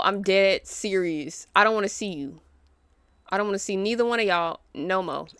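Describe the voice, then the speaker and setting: Woman, let's play host, bright tone, animated, exasperated, slangy chatter. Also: medium pitch, moderate pace, no echo. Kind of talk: casual gameplay commentary.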